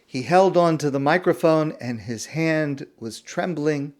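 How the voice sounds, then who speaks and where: A man, a rabbi, telling a story in a sermon, slow and hushed with dramatic pauses. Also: on the high side.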